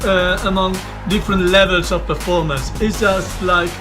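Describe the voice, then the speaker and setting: Male judge, high bright voice, slow and hesitant, faint music behind. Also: fairly even intonation. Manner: hesitant, laughs while speaking. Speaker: competition judge. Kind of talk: announcement speech.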